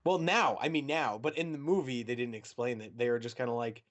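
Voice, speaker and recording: A young man co-hosting a casual podcast, chatty and animated, with mocking asides. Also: mid-range voice, brisk. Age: young adult. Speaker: podcast co-host. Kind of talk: casual chat.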